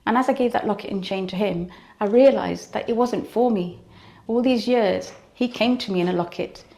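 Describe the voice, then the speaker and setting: A woman's voice: mid-range voice, moderate pace, creaky, dark tone. A woman giving an earnest personal devotional testimony, often repeating phrases for emphasis. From United Kingdom.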